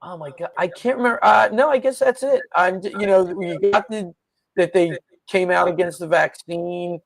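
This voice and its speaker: A man's voice: sits high, normal speed, vocal fry, no room sound, rough recording. A man co-hosting a podcast in casual political chat, laid-back and agreeable, often laughing along. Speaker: podcast co-host.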